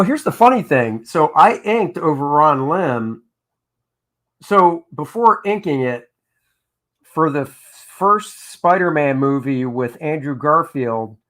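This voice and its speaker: A man's voice: a little high, animated, measured pace, fairly bright tone. An older man who inks comics, casually telling stories of his work on a live drawing stream and reading out viewer comments. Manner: chatty anecdotal storyteller, reads out chat comments. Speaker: comic book inker hosting a drawing stream.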